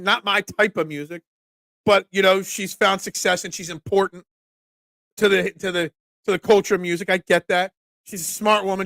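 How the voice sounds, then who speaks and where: This sports talk show host, a man in his forties, sounds congested as his high, pushed, bright voice cracks while he rambles through viewer comments on a casual stream. Studio-quality, dry audio.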